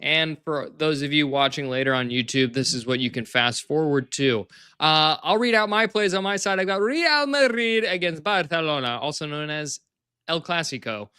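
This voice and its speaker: A man's voice: on the high side, expressive, moderate pace, bright, forceful tone, clear, resonant tone, no room sound, studio quality. A man co-hosting a sports betting podcast, upbeat and playful, reading out picks. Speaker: co-host of a soccer betting podcast. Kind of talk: casual sports betting chat.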